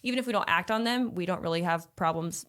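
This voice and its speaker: A woman's voice: on the low side, fast talker, a bit bright. A young woman hosting a casual relationship chat, talking earnestly and at length in a coaching tone. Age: young adult. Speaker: host.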